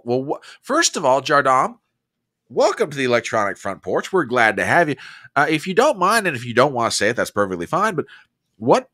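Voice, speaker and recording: A man's voice: mid-range voice, big pitch swings, normal speed, sharp tone, no room sound, clean studio sound. An American man hosting a casual livestream, effusive and reading viewer comments aloud. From United States. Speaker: livestream host.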